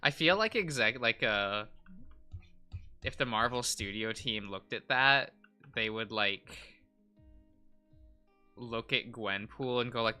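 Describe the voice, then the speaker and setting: A man's voice: medium pitch, a little slow, pauses often, sharp tone, clean tone, soft background music. A male streamer chatting casually and rambling with frequent laughs while he draws.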